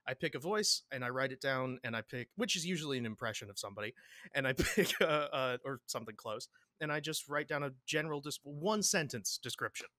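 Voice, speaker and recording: A bright, forward-sounding man talks as a podcast guest. He rambles, restarts and repeats words, laughing often. The sound is dry and close. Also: mid-range voice, brisk, no echo. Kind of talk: casual interview chat.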